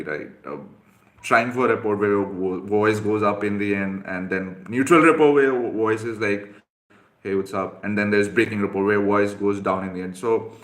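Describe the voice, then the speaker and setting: Low-voiced male dating coach answering questions. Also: fairly bright tone. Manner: direct, instructive, with many fillers.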